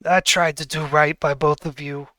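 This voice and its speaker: A man voicing the ghost of a roguish old father who speaks fondly and haltingly to his son. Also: fairly high pitch, level tone, pushed and bright, dry recording. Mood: tender.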